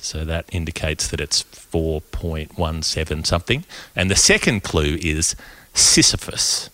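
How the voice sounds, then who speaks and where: A man hosting a podcast in casual chat, measured, wry and thoughtful. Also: very deep voice, expressive, sharp tone. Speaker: podcast host.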